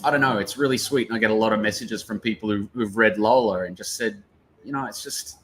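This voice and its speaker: A man's voice: on the low side, fast talker, a bit bright. Effusive Australian man on a video call. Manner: effusive, emotional, gushing. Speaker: author guest.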